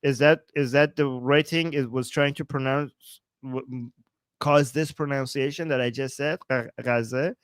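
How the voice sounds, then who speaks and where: A man from Iran, hosting a live-streamed political commentary, reading chat aloud with a sarcastic, animated manner and frequent laughs. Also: mid-range voice, normal speed, clean tone, no room sound. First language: Persian. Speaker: political commentator and livestream host.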